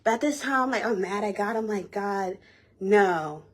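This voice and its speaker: Breathy young woman telling her story. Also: on the high side, quick pace. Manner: animated, repeats herself, slangy and conversational. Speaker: vlogger. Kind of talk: casual personal storytelling.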